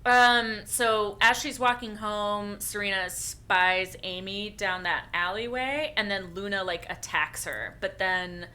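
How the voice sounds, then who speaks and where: A woman co-hosting a casual podcast, who laughs easily and chimes in with quick agreement. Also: medium pitch, sharp tone. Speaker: podcast co-host. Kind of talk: casual chat.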